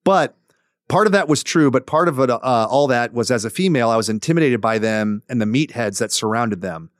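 A man hosting a podcast, reading a listener letter aloud with relaxed, joking asides. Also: mid-range voice, fairly quick, no room sound, clean studio sound. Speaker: podcast host.

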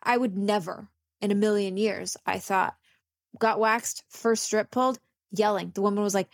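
A woman's voice: mid-range voice, fairly even intonation, moderate pace, dry recording. Woman podcast co-host, frank, emphatic, matter-of-fact, dry close mic. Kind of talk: casual comedic chat.

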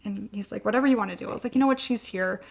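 A woman in her thirties tells a personal story in casual conversation, speaking very fast in a mid-range voice with vocal fry. She's an animated storyteller who performs the voices of the people she quotes.

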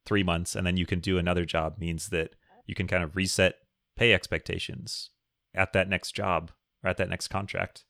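A man's voice: deep voice, creaky, pushed and bright, dry recording, studio quality. A man co-hosting a podcast, chatting casually, laughing often and reading listener questions aloud. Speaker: podcast co-host. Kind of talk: casual chat.

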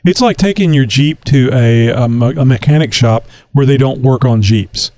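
A man co-hosting a podcast, talking casually in rambling asides. His voice is mellow and warm at a middle pitch, recorded dry and close. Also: moderate pace, no room sound. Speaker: podcast co-host. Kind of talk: casual chat.

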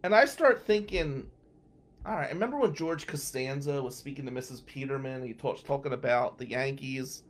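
A middle-aged man from New Jersey, a podcast guest telling a lively anecdote and acting out the people in it. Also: medium pitch, normal speed. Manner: animated, acts out the voices of people in his story. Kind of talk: storytelling anecdote.

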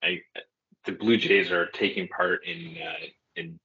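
A man's voice: sits low, fairly even intonation, measured pace, pushed and bright, slightly rough, muffled recording. A man co-hosting a sports podcast in casual chat, hesitant and full of fillers as he weighs his opinions. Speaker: podcast co-host.

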